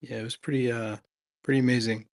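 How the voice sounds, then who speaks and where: A man's voice: mid-range voice, flat delivery, quick pace, dry recording. Tired actor guy hosting a chill chat, laughs a lot, swears, dry close mic. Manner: laid-back, rambling, laughs often, swears. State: tired after a long day, drinking wine. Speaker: actor and host. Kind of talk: casual chat on a live audio space.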